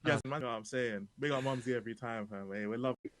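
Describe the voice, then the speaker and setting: A man's voice: mid-range voice, fast, a crowd in the background. Young man. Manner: mocking football banter with slang. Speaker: streamer. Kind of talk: casual livestream rant.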